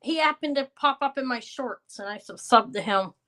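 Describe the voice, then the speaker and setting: A woman's voice: sits high, expressive, moderate pace, bright, forceful tone. A woman in her fifties hosting a live jewelry sale, chatting casually and rambling between items while thanking and answering viewers. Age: 50s. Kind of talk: casual live-stream sales chat.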